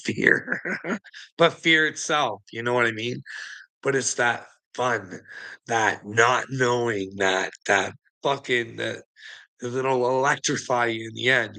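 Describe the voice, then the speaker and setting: A man's voice: medium pitch, gravelly, sharp tone, poor audio. A middle-aged man rambles to his livestream chat, swearing constantly and laughing between sentences. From Canada.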